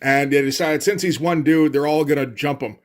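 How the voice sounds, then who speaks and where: A man talks through a comic book page by page in a loose, wry manner. He rambles and fills his pauses with "like" and "uh" without ever sounding rushed. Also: a little high, steady tone. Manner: wry, rambling, frequent fillers. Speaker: comic reviewer. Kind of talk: casual comic commentary.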